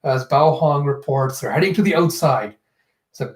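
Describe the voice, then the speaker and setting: Animated man reacting to a comic. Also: on the high side, moderate pace, reverberant. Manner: acts out characters' lines with raised voice, laughs often. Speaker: manga reaction host. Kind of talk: casual manga reading and reaction.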